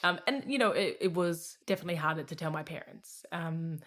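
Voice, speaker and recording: A woman's voice: low-pitched, brisk, fairly bright tone. A woman in her thirties with an Australian accent, a guest telling candid personal stories in a casual interview, often laughing and restarting her sentences. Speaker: guest, comedian and radio host.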